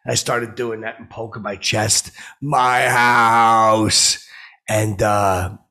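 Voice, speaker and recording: Brief: male actor as a self-important has-been comedian, low gravelly voice, rambling and oblivious. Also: steady tone, unhurried, fairly bright tone. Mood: rambling boastful. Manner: rambling, self-important, full of filler and restarts. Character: oblivious, boastful washed-up male stand-up comedian. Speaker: podcast host. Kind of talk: improvised comedic monologue.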